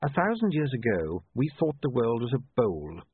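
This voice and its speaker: A man's voice: mid-range voice, big pitch swings, husky, no echo. A man playing a cool, precise city ruler. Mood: musing. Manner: precise, measured, dryly sardonic. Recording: tinny phone-like line.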